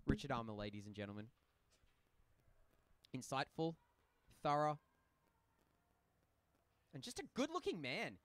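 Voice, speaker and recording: A man's voice: mid-range voice, huge pitch swings, a little slow, pauses often, no room sound. A young Australian man doing casual, joking play-by-play for a social ice hockey game from a rink booth. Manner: joking, rambling banter between play calls. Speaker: play-by-play commentator. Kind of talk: casual live sports commentary.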